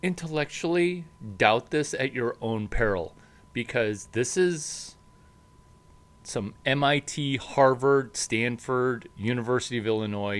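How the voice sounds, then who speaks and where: A man giving an animated talk about startups, emphatic and punchy, jumping up in pitch to stress points. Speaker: startup advisor. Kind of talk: animated monologue to camera.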